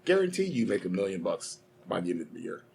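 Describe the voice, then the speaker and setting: A man's voice: low-pitched, very animated, quick pace, gravelly, darkish tone, slight background noise. A man co-hosting a podcast, talking bluntly and swearing a lot in casual chat. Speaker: podcast co-host.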